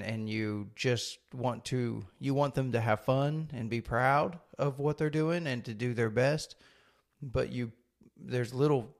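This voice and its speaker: A middle-aged man chatting on a faith podcast, his voice mid-pitched with a gravelly edge. He talks thoughtfully, pausing and restarting, with a dry wry streak. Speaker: co-host. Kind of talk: casual faith podcast chat.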